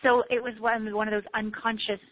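A woman relationship coach giving a candid, animated motivational talk, swearing casually. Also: a little high, brisk, no room sound. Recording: tinny phone-like sound.

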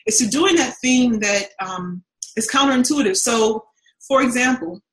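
A woman talks as a guest in a relaxed chat, her pitch sitting a little high. She animates her stories by acting out what she used to think and say. The sound carries a roomy echo. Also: moderate pace. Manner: animated, acts out her past self's voice. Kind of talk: casual chat.

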